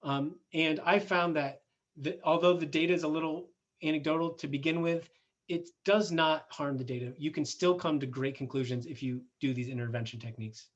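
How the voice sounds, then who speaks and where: A man's voice: fairly high pitch, brisk, lo-fi sound. A middle-aged man giving a conference talk in a conversational way, with fillers and self-corrections. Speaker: conference speaker. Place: conference hall.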